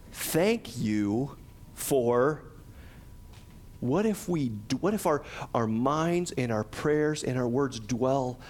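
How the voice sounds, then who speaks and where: A middle-aged man, a pastor, preaching a conversational sermon and acting out quotes with lively energy. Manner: conversational and animated, acts out quotes with a higher voice.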